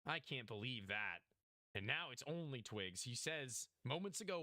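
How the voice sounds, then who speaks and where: A man's voice: mid-range voice, animated, normal speed, sharp tone, no echo, studio quality. A young man casually commentating a game match, hyped and joking, talking to chat. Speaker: esports caster.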